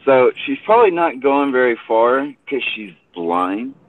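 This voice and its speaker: A man's voice: mid-range voice, sing-song, unhurried, a little hiss or hum. A man hosting a casual chat from his car between rideshare pickups, laid-back and rambling, saying dude a lot. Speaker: host and rideshare driver. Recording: tinny phone-line audio.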